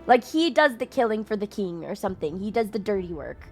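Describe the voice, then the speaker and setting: A woman in her twenties, streaming a game playthrough and reacting excitedly, gushing with many fillers and swearing. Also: medium pitch, brisk, over music.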